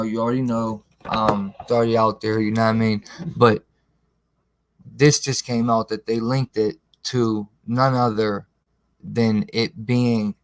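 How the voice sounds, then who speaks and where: A man's voice: on the low side, gravelly, no echo. A man hosting a live stream in casual, slangy talk, rambling and answering viewers in the chat by name.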